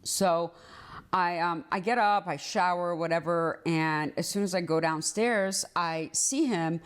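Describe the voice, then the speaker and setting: A woman's voice: a little slow, clear, resonant tone. A woman, a trial lawyer, telling a personal story in a casual, conversational monologue. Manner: animated, acts out dialogue with big pitch swings; conversational, many fillers like "like" and "right".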